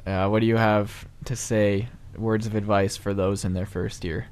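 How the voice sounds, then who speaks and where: Young male podcast host, low-pitched, joking, chatty banter. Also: little pitch movement, moderate pace, darkish tone, smooth. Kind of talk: casual banter.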